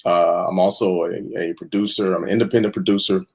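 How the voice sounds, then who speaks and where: A man introducing himself as a panel guest on a video call, speaking earnestly with many halting fillers. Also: sits low, steady tone, husky. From Houston area. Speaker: panel guest, music director and producer. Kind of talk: casual online panel chat.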